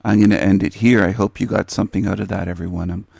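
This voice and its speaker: A man hosting his livestream channel, rambling slowly and thanking viewers, losing his voice a little. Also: sits low, fairly even intonation, vocal fry, a little mellow, husky, dry recording, studio quality. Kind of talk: casual commentary to viewers. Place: indoor room.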